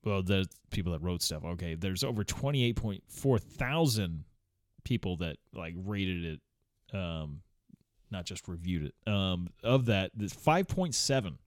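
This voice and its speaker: Rambling man in his forties, low dry voice. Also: expressive, a little slow, no room sound. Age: 40s. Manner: meandering, many fillers and restarts, swears and chuckles. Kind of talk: casual rambling vlog chat.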